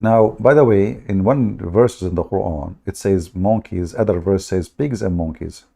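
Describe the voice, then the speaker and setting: A man with a low, dark, gravelly voice hosts a livestream. He retells a story with a sarcastic, mocking edge in broken English. His speech is loose and conversational. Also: normal speed. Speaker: host of a livestream. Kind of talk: livestream commentary.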